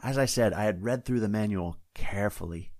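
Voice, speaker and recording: A man's voice: fairly low pitch, fairly quick, a little mellow, dry recording, clean studio sound, close to an everyday voice. A man voicing a fussy, health-minded young female deputy who talks in a prim, questioning way.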